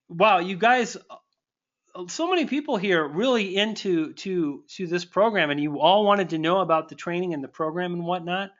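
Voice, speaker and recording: A man coaching online marketing, hosting a live webinar and warmly answering viewers, thankful and stumbling over restarts. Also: high voice, lo-fi sound.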